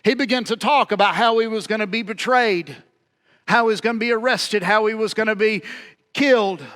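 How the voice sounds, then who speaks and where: A man with a strikingly high voice preaches a sermon. He tells the story vividly, repeating words for emphasis and voicing its speakers himself, then drops low and quiet before rising again. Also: a little fast, smooth. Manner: dramatic preaching, acting out quoted dialogue with swings in loudness. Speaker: pastor.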